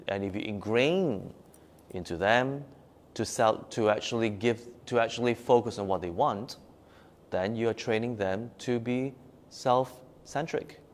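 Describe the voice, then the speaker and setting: A man leading a live-streamed meditation teaching, talking emphatically, repeating key words for stress, and reading out and answering viewers' comments. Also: mid-range voice. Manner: reads viewers' comments aloud and replies. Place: meditation room at a forest retreat.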